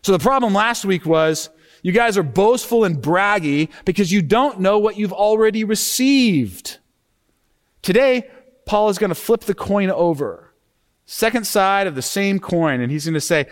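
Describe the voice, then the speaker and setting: A man preaching a sermon as pastor, lively and expressive, acting out tones when he quotes scripture. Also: high-pitched, measured pace. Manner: animated preaching, acts out sarcastic tone when quoting scripture.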